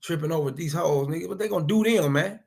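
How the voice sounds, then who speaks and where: Gravelly, blunt man lecturing the fellas. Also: on the high side, fast. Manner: blunt, profane, preachy advice to men. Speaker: commentary vlogger. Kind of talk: casual reaction commentary.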